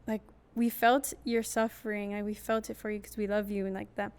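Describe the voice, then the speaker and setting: A woman's voice: medium pitch, little pitch movement, a little fast, smooth. A young woman hosting a casual podcast, telling a story in a chatty way and acting out what others said. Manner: chatty storyteller, acts out quoted voices. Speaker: podcast host.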